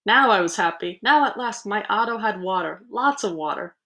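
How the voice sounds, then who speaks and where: A woman librarian reading a picture book aloud to children, animated, with playful asides. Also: mid-range voice, normal speed. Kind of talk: storybook read-aloud.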